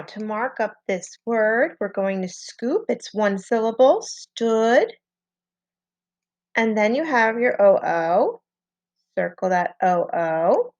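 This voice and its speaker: A woman teacher leads a slow, patient spelling lesson for children, sounding out letters one at a time. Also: mid-range voice, dry recording, highs cut off. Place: home, online lesson.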